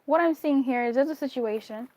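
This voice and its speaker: A woman's voice: sits high, fairly quick, a little mellow, slight background noise. A woman giving a casual tarot reading to camera, candid and chatty, swearing freely and giggling between thoughts. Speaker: tarot reader.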